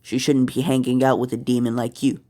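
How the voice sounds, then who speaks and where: A man's voice: medium pitch, level tone, brisk, mellow, lightly acted. A man voicing a cruel, scornful mother, with a sneering delivery.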